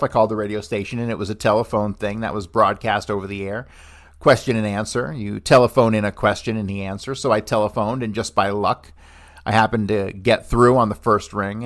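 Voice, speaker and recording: A man reading a hearing transcript aloud on a podcast, taking both the questions and the answers in one steady voice. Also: on the low side. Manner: steady reading voice that plays both questioner and witness without changing voice.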